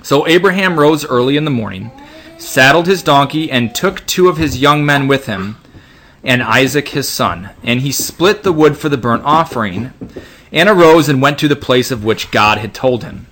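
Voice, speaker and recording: A man's voice: mid-range voice, lively intonation, moderate pace, fairly bright tone, a little hiss or hum. A man teaching a Bible study, reading scripture aloud and then commenting in a casual way, with frequent restarts and fillers.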